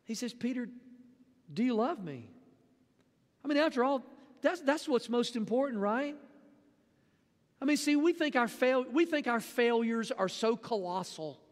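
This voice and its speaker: A man with a strikingly high voice gives a sermon, talking in a loose, conversational way. He often restarts with repeated words. His voice carries a long reverb from the hall. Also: animated, moderate pace. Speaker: preacher.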